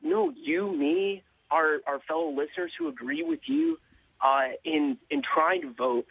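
A male caller on talk radio who speaks hesitantly and halts between phrases. His voice is gravelly and husky, sitting in a middle pitch. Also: huge pitch swings, a bit bright, no echo, rough recording. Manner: hesitant, halting.

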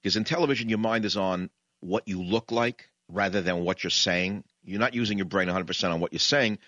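A man's voice: low-pitched, brisk, pushed and bright, no echo, dull audio. A male talk radio host delivering a rambling, sardonic, combative monologue.

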